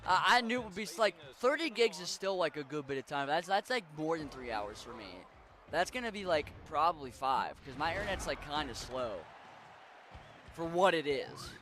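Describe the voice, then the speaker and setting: A man's voice: a little high, lively intonation, normal speed, sharp tone, a little hiss or hum. A young man from western Maryland with a mixed Pittsburgh and Appalachian accent, chatting casually and rambling as he streams a game, swearing now and then. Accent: western Maryland, Pittsburgh-Appalachian mix. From western Maryland, USA. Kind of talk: casual chat while gaming.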